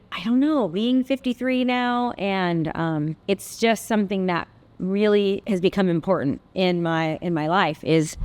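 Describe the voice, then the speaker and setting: A woman's voice: on the low side, darkish tone. A woman in her fifties, a real estate coach, talking earnestly and conversationally to camera with many fillers and asides. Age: 50s. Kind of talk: personal reflective talk to camera.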